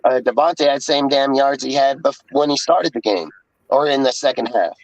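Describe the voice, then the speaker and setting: A man's voice: mid-range voice, moderate pace, no room sound. A man ranting profanely and in exasperation about a football game in casual sports talk. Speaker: podcast co-host. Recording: dull dry lo-fi sound.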